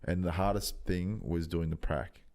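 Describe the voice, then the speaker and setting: A man's voice: sits low, fairly even intonation, moderate pace, darkish tone. A young man co-hosting a podcast in loose, jokey casual chat, swearing often. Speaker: podcast co-host. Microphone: desk mic on an arm.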